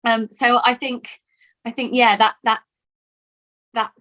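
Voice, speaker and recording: A woman's voice: a little high, little pitch movement, slow, a bit bright. A woman from Lincoln in England, an actress talking in a casual interview, chatty and full of restarts and repeated words. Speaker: actor being interviewed.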